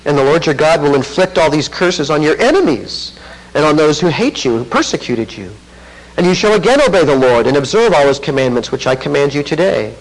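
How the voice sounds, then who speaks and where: Man preaching, fairly high voice, reads scripture then comments, earnest and swelling emphasis. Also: expressive, a little fast, low-quality recording. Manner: earnest, rising to fervent emphasis then dropping low. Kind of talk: expository sermon.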